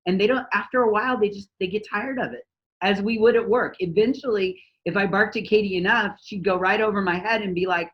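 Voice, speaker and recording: A woman's voice: medium pitch, brisk, dull audio. A woman parenting coach giving conversational advice on a podcast, acting out quoted dialogue in a livelier voice.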